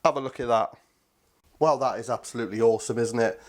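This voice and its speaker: A man's voice: mid-range voice, quick pace. A man hosting a casual cooking video, chatty and enthusiastic, talking to viewers as his friends. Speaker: cooking channel host.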